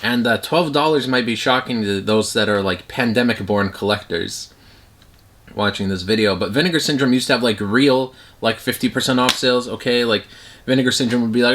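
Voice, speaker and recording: At home, a man reviews his movie collection in a casual vlog, rambling with lots of fillers and restarts. His mid-range voice is fairly bright and his delivery brisk.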